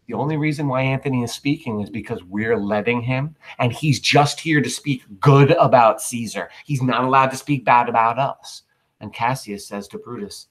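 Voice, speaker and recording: A man's voice: mid-range voice, normal speed, rough recording. A male teacher explaining a play in a chatty way, with asides and rhetorical questions to his students. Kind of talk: classroom literature lesson.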